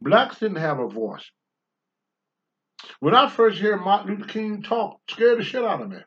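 An older man on a talk show, blunt and preachy, swinging from low mutters to loud outbursts. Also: sing-song, moderate pace, muffled recording. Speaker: podcast host, former wrestler. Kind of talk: candid talk-show commentary.

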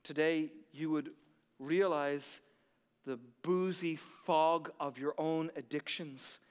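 Male pastor, high voice, impassioned sermon delivery, long church-hall reverb. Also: fairly even intonation, slow, clean tone. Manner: impassioned, rising to near shouting, then dropping soft.

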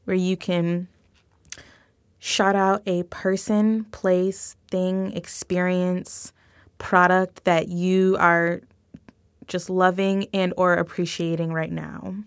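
A woman's voice: fairly low pitch, little pitch movement, slow pace, clear, resonant tone, no echo, studio quality. A woman hosting her podcast, chatting casually in a bubbly, gushing way with frequent laughs. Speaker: podcast host. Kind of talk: casual interview chat.

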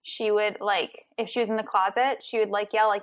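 A young woman co-hosting a podcast, telling animated stories with frequent laughs. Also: medium pitch, a little fast, rough recording. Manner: animated storyteller, laughs often. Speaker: podcast co-host. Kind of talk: casual chat.

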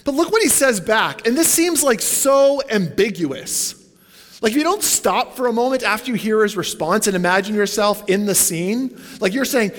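A man's voice: high voice, animated, moderate pace, big-room sound. A man preaching a sermon in a church, talking casually and putting questions to the congregation. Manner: conversational, asks the congregation questions, goes off on tangents. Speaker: pastor.

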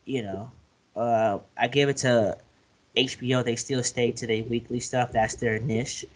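A man co-hosting a casual podcast chat, talking loosely and laughing as he retells TV scenes. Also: a little slow. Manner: animated, laughing, acts out scenes in high put-on voices. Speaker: podcast co-host.

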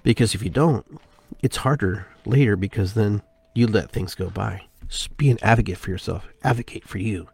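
A man hosting a spiritual podcast, talking in an unhurried, musing way and repeating phrases with shifting inflection. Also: fairly low pitch, vocal fry, a little mellow, slightly rough, no room sound. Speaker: podcast host. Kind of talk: reflective spiritual monologue.

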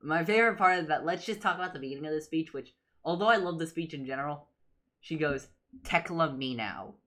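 Woman cohosting a podcast, animated and jokey, casual chat, quotes lines in funny voices. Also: deep voice, fast talker. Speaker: podcast co-host.

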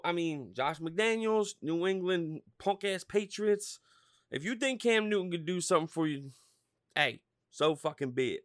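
Brief: foul-mouthed male podcast host, bright tense tone, dry close sound, rambling fired-up rant. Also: a little high, no room sound. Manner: loud, swearing, rambling and fired-up. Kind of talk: profane sports rant.

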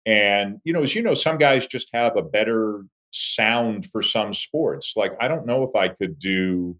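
Man, 50s, very low voice, animated storyteller, sportscaster guest on an interview. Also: unhurried. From Toronto, Canada. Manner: animated storyteller, lively swings in pitch and volume.

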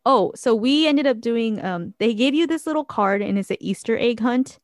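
A woman's voice: a little high, lively intonation, moderate pace, no room sound, clean studio sound. A young woman chatting casually and telling a story, laughing often and using plenty of fillers. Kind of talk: casual chat.

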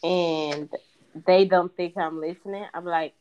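Animated woman telling stories, dull audio. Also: lowish voice, a little slow, a little hiss or hum. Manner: animated storyteller acting out her kids' lines. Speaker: podcast co-host and mother. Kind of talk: casual chat.

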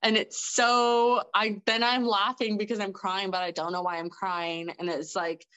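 A woman's voice: medium pitch, level tone, normal speed, a bit bright, clear, resonant tone, lo-fi sound. A woman guest on a podcast telling stories casually, laughing often and filling her speech with "like". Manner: chatty, laughs often, heavy use of "like". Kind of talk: casual conversational storytelling.

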